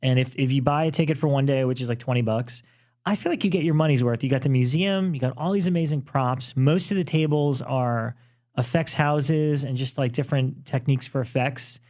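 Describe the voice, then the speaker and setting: A middle-aged man talking casually as a podcast co-host, his voice at an ordinary middle pitch. He runs on enthusiastically and fills the gaps with "uh" and "you know.". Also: a little fast, darkish tone. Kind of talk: casual chat.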